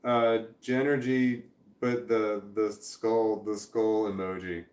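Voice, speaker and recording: A man's voice: lowish voice, level tone, takes it slowly, darkish tone, echoey room. A man in his forties, hosting a casual livestream, rambling as he reads out viewer comments and chuckles along. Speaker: livestream host.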